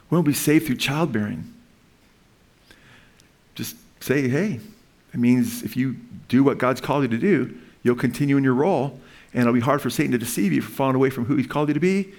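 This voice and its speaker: A man's voice: medium pitch, a little fast. A man preaching a sermon as pastor, talking in a casual, conversational way and often checking in with "amen?". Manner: conversational, tags lines with "amen?".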